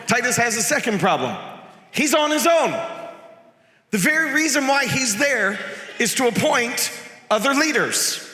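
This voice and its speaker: A man preaching a sermon as pastor, animated and jokey, acting out quotes from the passage. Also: very high-pitched, a little slow, pauses often. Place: church sanctuary. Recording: echoey church hall.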